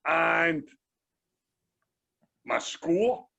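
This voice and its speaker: A man's voice: on the high side, animated, drawn-out words, vocal fry, bright, forceful tone. A Glaswegian man co-hosting a casual beer review podcast, rambling and repeating himself. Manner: rambling, repeats phrases, says "do you know what I mean". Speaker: podcast co-host. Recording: dull lo-fi sound.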